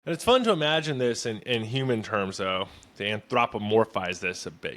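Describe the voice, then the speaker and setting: A man's voice: fairly low pitch, lively intonation, normal speed, few pauses, a bit bright. A man hosting his own podcast, explaining a topic in a chatty, loose way with plenty of fillers and side remarks. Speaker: podcast host. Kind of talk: casual solo explainer.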